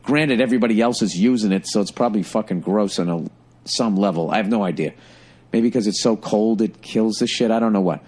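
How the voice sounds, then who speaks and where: A middle-aged man telling a funny story in a casual, profane, animated way, like a stand-up comedian on a podcast. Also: on the low side, brisk.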